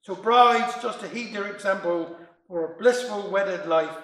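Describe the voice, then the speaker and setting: A man's voice: high voice, a little slow, fairly bright tone, reverberant, poor audio. A man with a Cornish accent reciting humorous dialect poems and stories, chuckling between tales. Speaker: dialect storyteller.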